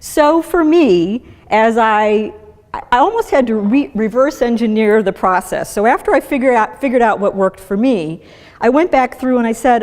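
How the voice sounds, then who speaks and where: A woman giving a lively talk to an audience, acting out little voices as she explains. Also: on the high side, normal speed. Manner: animated, acts out voices of the brain and liver. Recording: long reverb of a hall.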